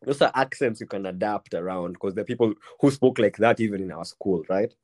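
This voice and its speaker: A young man with a Kenyan accent, hosting a casual podcast chat and telling a story, full of "bro" and "man" and quick restarts. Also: on the low side, a little mellow. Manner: slangy, repeats "bro" and "man", many restarts. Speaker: podcast host.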